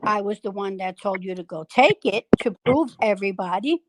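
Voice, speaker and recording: A woman's voice: medium pitch, lively intonation, a little fast, dry recording, poor audio. A woman on a voice call panel defending herself, insisting that she be allowed to finish speaking. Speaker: panel member. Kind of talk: heated argument on an online voice panel.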